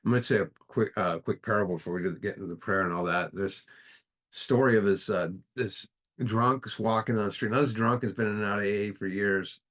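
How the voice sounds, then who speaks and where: Deep-voiced man leading a recovery study, earnest and plain-spoken, emphatic. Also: steady tone, fairly quick, fairly bright tone. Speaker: speaker at a recovery book study. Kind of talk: recovery meeting talk.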